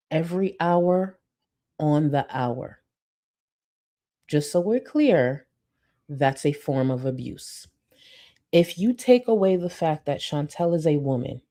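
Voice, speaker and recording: A woman's voice: deep voice, warm tone. A woman streamer giving blunt, emphatic commentary, swearing freely and reading chat comments aloud.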